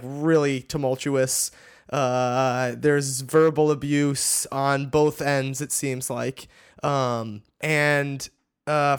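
A man's voice: on the high side, clear, resonant tone. A man hosting a casual interview, asking probing follow-up questions and summing up what the guest says. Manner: probing, summarizes and asks follow-ups. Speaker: podcast host.

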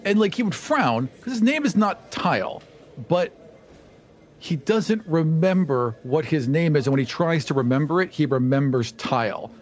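A man playing a tabletop game, talking in a playful, animated way. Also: fairly high pitch, normal speed. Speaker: player.

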